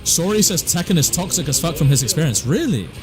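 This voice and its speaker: A man's voice: on the high side, big pitch swings, fast talker, over music. Laid-back West Country streamer, man. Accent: West Country English. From southwest England. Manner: laid-back, chatty, answers chat with laughs. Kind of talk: casual live-stream chat.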